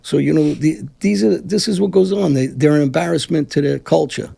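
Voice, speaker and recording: A former mafia figure from Brooklyn, New York, appears as a guest in a casual interview. His voice is a little high, gravelly, mellow and slightly rough, and he talks fairly quickly, bluntly and combatively, swearing often.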